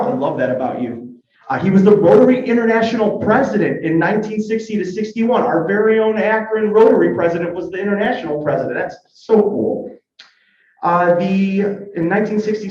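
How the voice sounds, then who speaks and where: A man's voice: high voice, animated, moderate pace, a little mellow. Upbeat male club emcee, jokey and chatty, in a very echoey hall with a dull, lo-fi sound. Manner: chatty, joking, upbeat, asks the crowd questions. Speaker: club member giving history segment. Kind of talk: casual emcee talk at a club meeting.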